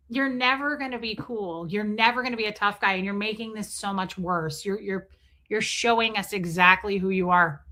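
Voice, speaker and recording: A woman's voice: medium pitch, steady tone, normal speed, bright, forceful tone. A woman hosting a live stream, chatting casually and bluntly, with sarcastic asides and greetings to her chat. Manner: blunt, sarcastic, reads chat names aloud.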